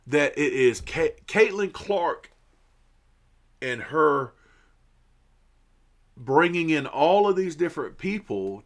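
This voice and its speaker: A man's voice: medium pitch, fairly bright tone. A man ranting about sports in an irritated, profane way, stumbling over and repeating his words. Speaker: sports commentary vlogger. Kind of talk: ranting opinion monologue.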